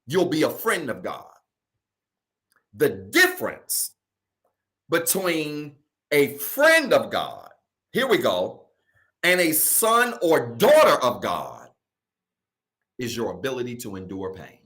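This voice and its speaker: A male pastor preaching a sermon to a virtual congregation from home, colloquial, often calling his listeners y'all, slowing down to stress key phrases and rushing through asides. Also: medium pitch, huge pitch swings, sharp tone. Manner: preaching with slow emphatic stretches and quick asides.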